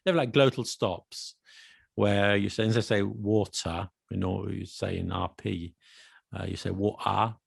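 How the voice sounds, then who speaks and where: Low gravelly guy co-hosting a chat show, patient explainer, dry close sound. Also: fairly even intonation, moderate pace, no echo. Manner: explains patiently, gives examples. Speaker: podcast co-host. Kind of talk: casual chat about accents.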